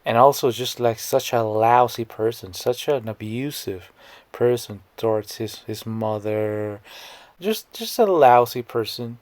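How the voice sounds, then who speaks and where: A man's voice: mid-range voice, unhurried, a little mellow, no echo. A man giving scornful, blunt reaction commentary, often stammering and repeating words. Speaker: commentary YouTuber.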